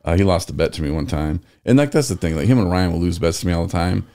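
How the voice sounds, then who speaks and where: A man's voice: low-pitched, quick pace. A man hosting a podcast, telling rambling stories in casual chat and acting out what people said. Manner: rambling, animated retelling with acted-out quotes. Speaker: podcast host.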